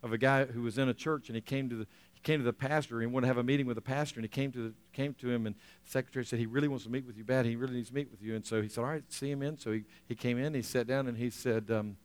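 A man's voice: mid-range voice, clean tone. A man preaching a sermon as pastor, telling a story with acted-out quotes and repeating phrases for emphasis. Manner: storytelling, acting out quoted voices, rising to emphatic peaks; repeats phrases, frequent "right?" checks with audience.

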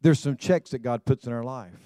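Mellow-voiced pastor preaching. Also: male voice, mid-range voice, fairly quick, dry recording. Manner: conversational, repetitive, animated preaching with many restarts. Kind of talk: sermon.

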